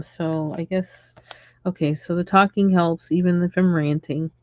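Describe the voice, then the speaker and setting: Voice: medium pitch, moderate pace, dark tone, no room sound, lo-fi sound. A livestream host ranting casually and in exasperation while coloring, chuckling between lines.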